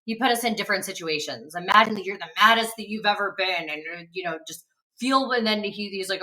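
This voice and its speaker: A woman's voice: mid-range voice, animated, fast talker, pushed and bright, recorded from a distance, low-quality recording. A woman co-hosting a casual motivational chat in an upbeat, encouraging way. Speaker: co-host.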